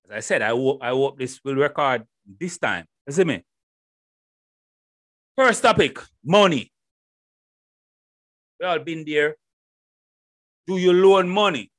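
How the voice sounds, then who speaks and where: A middle-aged man with a Jamaican accent, hosting a solo podcast and talking straight to his listeners with loud, animated rhetorical questions. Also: on the high side, slow pace, pauses often, no room sound, studio quality. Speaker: podcast host. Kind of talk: casual solo podcast monologue. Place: home room in Holland. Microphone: headphones and desk mic.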